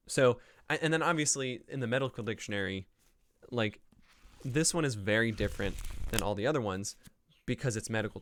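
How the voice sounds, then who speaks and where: A man's voice: on the low side, smooth, no room sound, clean studio sound. A man hosting a casual solo podcast, talking in a rambling way with frequent ums and likes. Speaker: podcast host.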